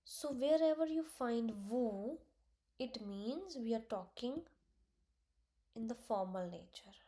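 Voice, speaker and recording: Woman, French teacher, slightly high voice, mellow tone. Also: expressive. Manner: slow, repeats each word, mixes in Punjabi and Hindi. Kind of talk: online language lesson.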